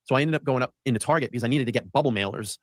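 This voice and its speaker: A man's voice: mid-range voice, racing, no room sound, clean studio sound. A man hosting a show, telling a long rambling story in casual chat and acting out what people said. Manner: rambling, acts out quoted lines. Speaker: host. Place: studio.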